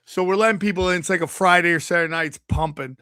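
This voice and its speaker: A man's voice: high voice, rapid-fire, clean tone, dry recording, studio quality. A man hosting a podcast, chatting casually, swearing freely and acting out the people in his stories. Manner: animated, swears freely, acts out quotes. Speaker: podcast host. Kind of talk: casual chat, storytelling.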